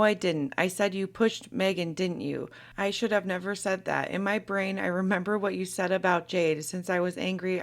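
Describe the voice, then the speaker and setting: A synthetic woman's voice reading text messages aloud, taking both sides of an argument in an even, computer-like delivery. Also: fairly low pitch.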